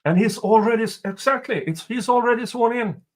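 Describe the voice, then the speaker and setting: A man's voice: very high voice, fairly quick, darkish tone. A man commenting on a court transcript he reads aloud, with emphatic, exasperated asides.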